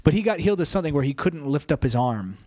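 Young male preacher, lively storytelling. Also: a little high, fast talker. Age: young adult. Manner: animated, conversational, laughing. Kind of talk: sermon storytelling.

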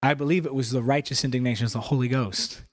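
A young man preaching a sermon, telling stories in an animated, conversational way. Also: medium pitch, quick pace. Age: young adult. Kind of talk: sermon storytelling.

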